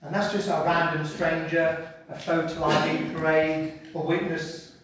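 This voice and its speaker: A man preaching a sermon and reading scripture, swinging between hushed and loud delivery. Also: on the high side, flat delivery, a little slow, a little hiss or hum. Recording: echoey hall picked up from a distance.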